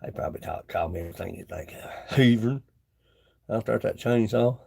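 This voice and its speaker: A man's voice: lowish voice, fairly quick, creaky, darkish tone, breathy edge. A man talking casually on a live stream from his woodshop, rambling and chatting with viewers between tasks. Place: woodworking shop.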